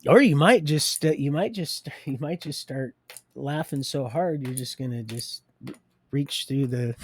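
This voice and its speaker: A man hosting a livestream, rambling through faith talk, laughing often and swinging between loud and hushed. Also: fairly high pitch, animated, a little slow, long pauses. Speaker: livestream host.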